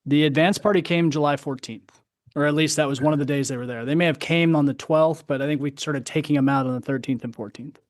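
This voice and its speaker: A man hosting a podcast, speaking in casual chat with a measured, reflective manner. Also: fairly high pitch, no echo, clean studio sound. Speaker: podcast host.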